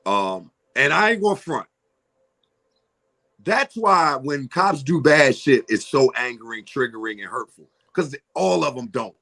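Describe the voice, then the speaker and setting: A man's voice: mid-range voice, unhurried, vocal fry. A middle-aged man, a comedian telling stories in a casual interview, acting out voices and laughing often. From Philadelphia, USA. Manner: animated storyteller, acts out voices, laughs often. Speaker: comedian guest.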